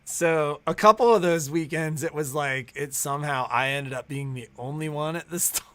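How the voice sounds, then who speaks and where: A man hosts a shop's livestream in a loose, chatty way. His voice is bright and clear, and he often laughs as he tells family stories. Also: on the high side, normal speed. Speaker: store co-owner and livestream host. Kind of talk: casual livestream chat.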